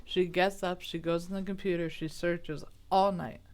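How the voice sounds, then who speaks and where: A woman's voice: fairly low pitch, fairly even intonation, moderate pace. A woman retelling a true crime story in a chatty, rambling way, with asides, self-corrections and indignant remarks. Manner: baffled, indignant.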